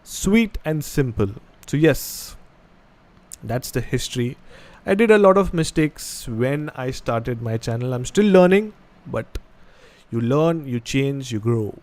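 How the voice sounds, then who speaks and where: A man's voice: mid-range voice, animated, takes it slowly, a little mellow. A young man from India with an Indian English accent, chatting casually on a live stream and reading viewer comments aloud. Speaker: podcast host.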